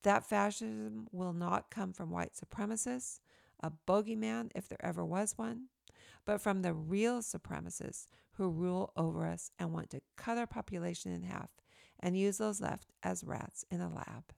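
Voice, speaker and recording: Gravelly-voiced woman reading her essay. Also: medium pitch, moderate pace, no room sound, studio quality. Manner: earnest, emphatic, steady. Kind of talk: read-aloud opinion essay.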